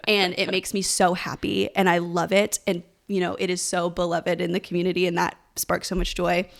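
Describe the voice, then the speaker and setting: Bubbly young woman with a gravelly edge. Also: on the low side. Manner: bubbly, laughs often, rambling restarts. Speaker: podcast co-host. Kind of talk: casual podcast chat.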